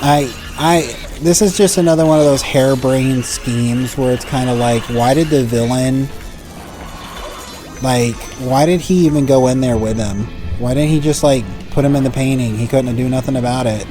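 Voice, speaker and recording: A man's voice: mid-range voice, normal speed, warm tone, faint music behind. A man in his thirties giving rambling, casual commentary while playing a game. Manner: rambling, full of "like" fillers. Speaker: let's play host.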